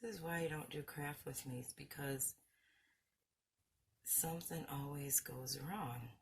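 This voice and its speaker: A woman's voice: low voice, a little slow, noisy background. A woman hosting a craft video, chatting casually, mocking herself and laughing often as she works. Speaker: craft channel host. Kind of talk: casual craft-along chat.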